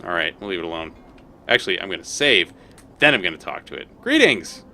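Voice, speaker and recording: A man's voice: low voice, lively intonation, fast, vocal fry, pushed and bright, a little hiss or hum. A man streaming a game live, reading its text aloud and reacting with exclamations.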